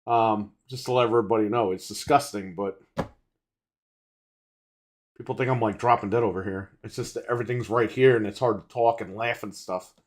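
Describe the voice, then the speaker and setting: A man's voice: on the low side, fairly even intonation, brisk. A man co-hosting a casual podcast, ranting with heavy swearing, his throat congested. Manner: ranting, profane. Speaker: podcast co-host.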